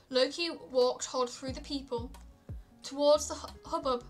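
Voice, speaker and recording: A woman reading myths aloud on a stream, calm, with small stumbles and restarts. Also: high-pitched, a little slow, faint music behind. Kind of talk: storytelling read-aloud.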